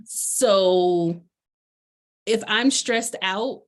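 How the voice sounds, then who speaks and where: A woman's voice: medium pitch, very slow. Bubbly woman life coach, chatty and loose, casual delivery. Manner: chatty, bubbly, lots of fillers. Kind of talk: casual presentation chat.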